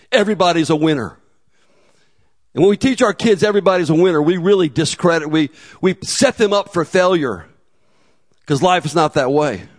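A man preaching a sermon in a relaxed, conversational way, with humor and acted asides. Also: on the high side. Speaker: pastor.

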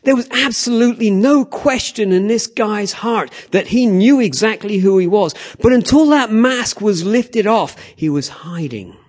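A man's voice: high voice, a little slow, few pauses. A man preaching animatedly, often checking in with the audience. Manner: animated, repeats "okay? all right?" to the audience. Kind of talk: sermon.

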